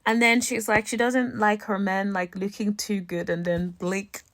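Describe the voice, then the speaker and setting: A woman giving casual, sassy recap commentary on a reality dating show, animated and fond of calling people "honey". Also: medium pitch, a little slow, dry recording, clean studio sound.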